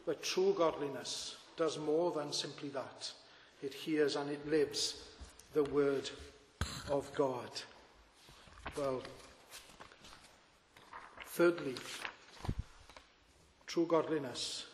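A man's voice: on the high side, very slow, long pauses, a little hiss or hum. A man preaching a sermon as pastor, earnest and full of rhetorical questions to his congregation. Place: church. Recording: echoey church with long reverb.

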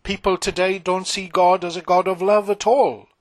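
A man preaching a sermon as pastor, earnest and emphatic, pausing often with fillers. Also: high voice, flat delivery, no echo.

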